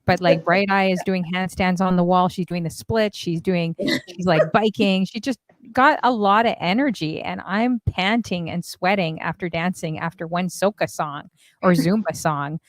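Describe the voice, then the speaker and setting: A woman from Canada hosting a casual panel chat over a video call, chatty and animated with quick asides. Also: lowish voice, no echo. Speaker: host.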